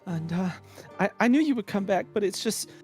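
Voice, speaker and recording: Young girl priestess in a tabletop game, tearful and eager, halting soft high voice, played by a man. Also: lively intonation, soft background music.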